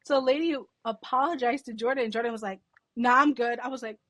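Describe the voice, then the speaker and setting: A young woman who runs a salon, chatting casually on a podcast in a sarcastic, animated way and swearing freely. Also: on the high side, quick pace, no echo. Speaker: salon owner and boss.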